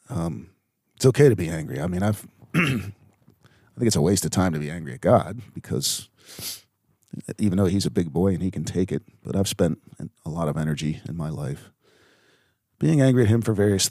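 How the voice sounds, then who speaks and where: Low-voiced man hosting a faith podcast. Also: sing-song, a little mellow, dry recording, studio quality. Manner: earnest, halting, with many fillers. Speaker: podcast host. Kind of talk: reflective faith podcast talk.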